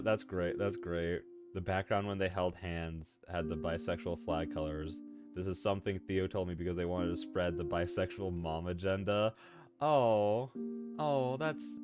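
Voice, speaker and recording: Rambling, lower-voiced male streamer. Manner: laughs often, rambles and repeats himself. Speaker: streamer reading a story. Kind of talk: casual livestream chat. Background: music playing.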